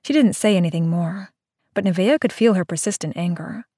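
Lady reading an audiobook slow and somber, super dry close sound. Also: on the low side, warm tone, no echo. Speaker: narrator. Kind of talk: scripted audiobook narration.

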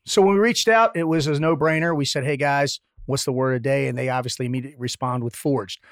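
A man co-hosting a podcast, joking and animated in casual banter, now and then swearing. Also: mid-range voice, fast, no room sound, studio quality. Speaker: podcast co-host.

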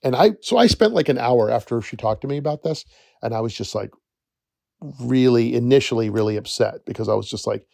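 A man's voice: medium pitch, a little fast, gravelly, a little mellow, dry recording, studio quality. A middle-aged man hosting a podcast, telling a story in a chatty, rambling way that often corrects itself mid-sentence. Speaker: podcast host, forest educator. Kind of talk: casual storytelling monologue.

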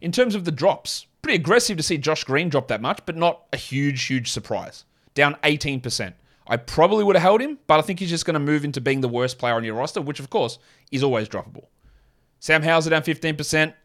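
A man's voice: a little high, expressive, a bit bright. A man with a non-American accent hosting a fantasy basketball show, talking through his picks in a chatty, opinionated way. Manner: chatty, opinionated, quick asides. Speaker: fantasy basketball podcast host. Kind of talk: casual solo analysis with ad read.

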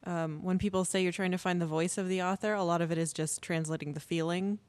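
A woman co-hosting a podcast, speaking casually and chatting with quick interjections. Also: fairly low pitch, steady tone, a little mellow, dry recording. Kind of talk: podcast conversation.

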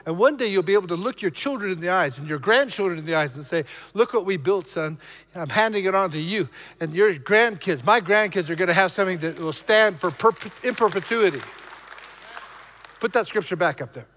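A male pastor preaching emphatically to his congregation, shifting between loud exhortation and low, intense passages. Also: lively intonation, a little fast, long reverb tail, a faint crowd. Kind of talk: preaching a sermon.

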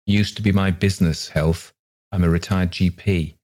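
A man voicing a kindly older retired doctor in a ghost story, talking in a soft, consoling way. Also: low voice, steady tone, moderate pace.

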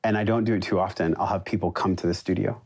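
Man, breathwork coach, earnest, reflective, lowish voice. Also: fast. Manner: earnest and reflective, speaks in steady lists. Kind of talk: casual conversation.

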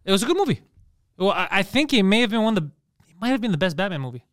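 A man chatting casually as a podcast co-host, an animated storyteller who rambles with restarts. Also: sits high, rapid-fire, no room sound, clean studio sound. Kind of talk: casual chat.

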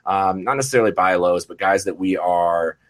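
Chuckling podcast host, low-voiced man. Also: brisk. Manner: jokey, laughing, filler-heavy. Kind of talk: casual podcast chat.

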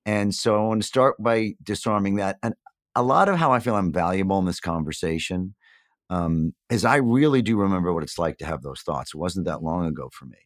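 A man in his fifties from New York, a guest in a candid interview, telling his story earnestly and reflectively with animated emphasis. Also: sits low, a little fast, no room sound, studio quality. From New York, USA. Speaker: podcast guest.

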